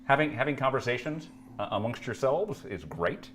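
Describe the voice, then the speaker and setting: A man's voice: medium pitch, sing-song, moderate pace, fairly bright tone, slight background noise. A man co-hosting a live stream, reading viewer questions aloud and bantering playfully.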